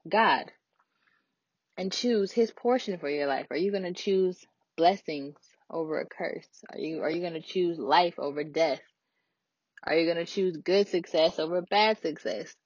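Casting: young woman, low voice, earnest faith talk, dry dull recording. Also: breathy edge, dry recording. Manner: earnest and conversational, many fillers. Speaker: christian vlogger.

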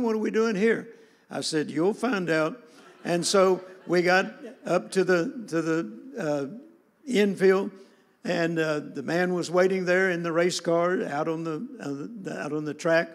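A male preacher telling a story in a sermon, earnest and halting, with many restarts and fillers. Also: fairly high pitch, gravelly. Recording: long reverb of a large hall.

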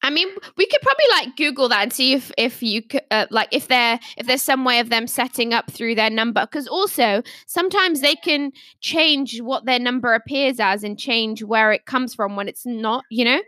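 Woman, podcast host, casual chat, chatty, laughs a lot, bright tone, high voice. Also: animated, moderate pace, few pauses, no room sound, clean studio sound. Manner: chatty, laughs often, many fillers.

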